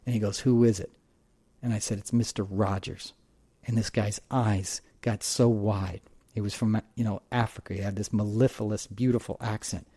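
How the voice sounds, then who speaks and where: A man's voice: lowish voice, fairly even intonation, normal speed, warm tone, breathy edge, no echo. A man hosting a podcast, telling stories and talking politics in an impassioned, emphatic way, swearing freely. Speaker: podcast host. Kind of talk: casual political monologue and storytelling.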